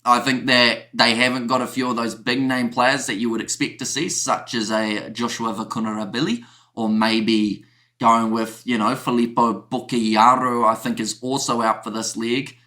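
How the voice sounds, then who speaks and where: A man's voice: mid-range voice, little pitch movement, normal speed, sharp tone. A man with a mid-range voice chats casually as a podcast co-host. He talks in an easygoing, rambling way, often saying "you know". He sounds like he is on a video call. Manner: chatty, uses "you know" a lot. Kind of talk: casual sports chat.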